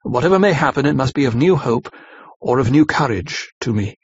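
A man voicing a brave, sorrowful young woman who speaks with quiet, earnest resolve. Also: medium pitch, animated, brisk, breathy edge, dry recording. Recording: slightly dull lo-fi recording.

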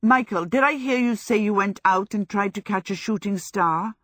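A woman's voice: medium pitch, normal speed, fairly bright tone, no echo, close to an everyday voice. A vain, theatrical young male wizard , as a woman narrator reads him, full of dramatic exasperation in a storybook reading. The voice sounds close and dry. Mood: exasperated.

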